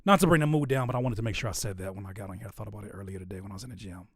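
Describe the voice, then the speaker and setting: A man's voice: on the low side, rapid-fire, slightly rough, dry recording. A man hosting a casual reaction show, hyped up, exclaiming and chanting along to beats. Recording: loud hip hop music playing behind. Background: loud hip hop music.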